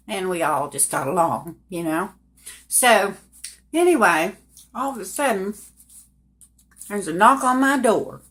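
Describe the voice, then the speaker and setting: A woman's voice: mid-range voice, fairly bright tone. A woman casually telling a personal story in a folksy, colloquial way, speaking straight to her listeners. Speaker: storyteller recounting her own life.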